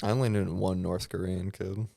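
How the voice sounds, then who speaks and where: Low, gravelly young man chatting casually. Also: level tone, moderate pace, warm tone. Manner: rambling, sweary, laid-back. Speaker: podcast co-host. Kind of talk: casual chat.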